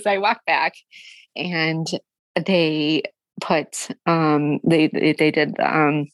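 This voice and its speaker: Young woman guest, low-ish voice, dry close sound, talks in halting emotional bursts. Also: fairly even intonation, no echo. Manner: halting, emotional, often quoting herself; frequent fillers and restarts. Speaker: guest sharing a personal story. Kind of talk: candid conversational storytelling.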